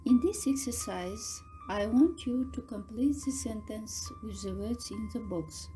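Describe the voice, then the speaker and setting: A woman English teacher, giving slow, careful instructions to her pupils. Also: a little high, lively intonation, dark tone, faint music behind. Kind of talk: recorded classroom instruction.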